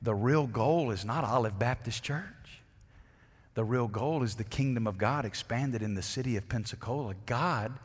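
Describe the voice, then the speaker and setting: A middle-aged man, a pastor, preaching a sermon, swinging between loud emphatic declarations and hushed, intimate asides. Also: mid-range voice, moderate pace, slightly rough, big-room sound.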